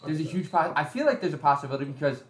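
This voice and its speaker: A man chatting on a casual podcast, with a voice pitched a bit above the usual. He talks haltingly, trailing off and restarting, and his voice rings in an echoey room. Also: animated. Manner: hesitant, trailing off, restarts often. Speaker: podcast co-host. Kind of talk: casual chat.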